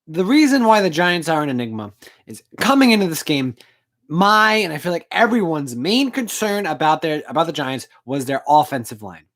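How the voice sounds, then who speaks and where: A woman's voice: low voice, big pitch swings, normal speed. A woman ranting in a postgame fan video, angry, profane and emotional, on a home recording setup. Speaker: sports fan vlogger. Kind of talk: postgame rant.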